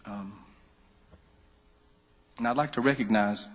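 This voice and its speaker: A man's voice: fairly low pitch, slow. A man from North Carolina, telling jokey stories on stage between songs at a concert. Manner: folksy, joking storyteller. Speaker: musician on stage. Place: concert venue. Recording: live hall reverb.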